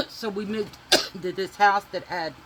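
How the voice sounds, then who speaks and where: A man telling a profane, animated childhood story to his viewers while doing makeup. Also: high-pitched, takes it slowly, noisy background. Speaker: beauty vlogger.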